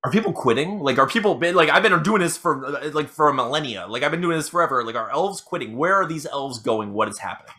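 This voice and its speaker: A man's voice: on the high side, animated, quick pace, few pauses, sharp tone. A man voicing a stressed older Santa Claus who keeps asking anxious questions. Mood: worried.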